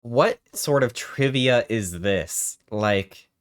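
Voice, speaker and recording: Excitable young male streamer, swooping voice. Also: fairly low pitch, normal speed. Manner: excitable, thinks aloud, reacts in bursts. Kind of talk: live-stream gameplay commentary.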